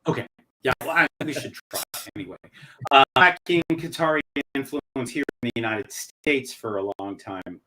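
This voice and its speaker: A man's voice: medium pitch, expressive, moderate pace, bright, forceful tone, rough recording. A man hosting a policy podcast, asking questions in a wry, sardonic way. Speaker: host. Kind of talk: conversational podcast interview.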